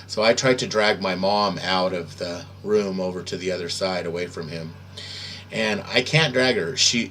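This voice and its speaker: A man with a lowish voice tells his story earnestly. He pauses often and fills gaps with hesitant sounds as he recounts what he saw. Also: a bit bright, slight background noise. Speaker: testimony speaker. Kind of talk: earnest first-person storytelling.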